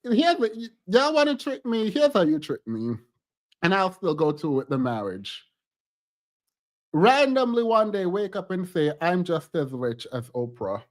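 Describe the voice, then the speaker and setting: A man's voice: sits high, huge pitch swings, measured pace. A man streaming a casual reaction to a reality show, talking in a sassy, emphatic way and laughing often.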